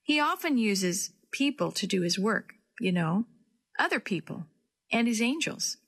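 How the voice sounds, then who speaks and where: A weak, tired old grandfather from a storybook, speaking slowly in a hushed, breathy voice, as a woman reader puts him on. His words come out gently. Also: mid-range voice, big pitch swings, full character voice. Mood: weary. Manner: slow and hushed.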